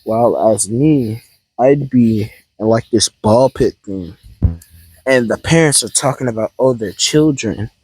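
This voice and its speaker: Slow, husky man rambling through a story. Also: mid-range voice, a little mellow, no echo, rough recording. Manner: rambling, hesitant, self-correcting. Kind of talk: casual fan-fiction storytelling.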